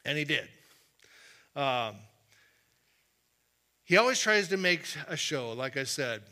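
A man preaching a sermon in a conversational way, dropping to a quiet, firm voice to make his points. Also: fairly high pitch, very animated, slow. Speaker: pastor.

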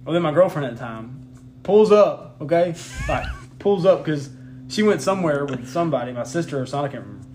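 A man's voice: fairly high pitch, animated, brisk, darkish tone, slight background noise. Profane rambling young man telling a story. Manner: profane, rambling, laughs as he talks. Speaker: podcast co-host. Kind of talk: casual storytelling chat.

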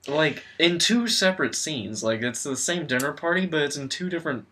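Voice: mid-range voice, animated, brisk, a bit bright. A podcast co-host recapping a movie in casual chat, sarcastic and profane, laughing often.

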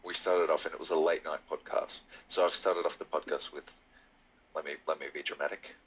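Low-voiced guy on a video call, bright, animated, laughs a lot. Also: brisk, husky, muffled recording. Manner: animated, laughs often, theatrical. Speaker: podcast guest. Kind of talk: casual chat.

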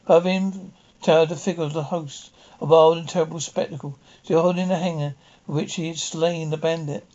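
A man reading a short story aloud with dramatic pauses. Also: on the high side, fairly even intonation, darkish tone, dull audio. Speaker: audiobook reader. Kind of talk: storybook narration.

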